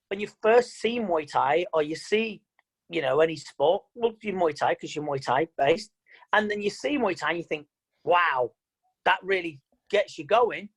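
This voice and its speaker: A man's voice: high voice, low-quality recording. A man giving an online motivational seminar as a mind coach, talking in an emphatic, plain-spoken and repetitive way over a video call.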